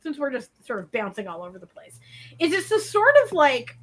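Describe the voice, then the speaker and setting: A woman co-hosting a casual stream from home, telling stories animatedly with quick asides and frequent laughter. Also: high voice, very animated. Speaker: co-host of a colouring stream. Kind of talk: casual chat. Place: at home, dryer running nearby.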